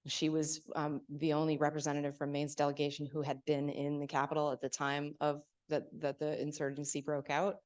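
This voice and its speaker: A woman's voice: low-pitched, monotone, brisk, few pauses, a little mellow. A woman author speaking at a library event, telling stories in a hesitant way, with frequent fillers and restarts.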